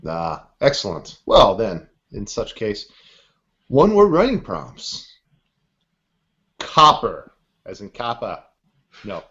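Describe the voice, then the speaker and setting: Brief: teasing podcast co-host, a man speaking slowly with a lively, bouncy pitch, on muffled audio. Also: husky. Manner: playful, teasing. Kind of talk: casual chat. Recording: dull lo-fi audio.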